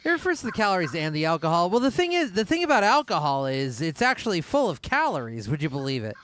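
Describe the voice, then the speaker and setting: Animated, chatty man with a high voice. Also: fast. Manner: casual, profane, talkative. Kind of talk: casual chat while gaming.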